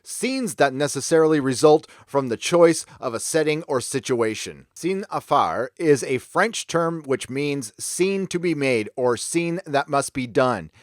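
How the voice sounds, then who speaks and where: A man hosting a commentary vlog who talks emphatically and keeps dropping sarcastic asides. His voice sits a little high. The sound is dry and close, with no room around it. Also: expressive, unhurried, few pauses, no room sound. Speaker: commentary channel host.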